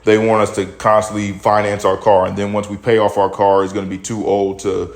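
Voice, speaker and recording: A man's voice: on the low side, flat delivery, a little fast. A young man hosting his own opinion podcast, ranting bluntly and profanely about the news, a little out of breath. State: slightly out of breath. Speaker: podcast host. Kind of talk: casual opinion commentary.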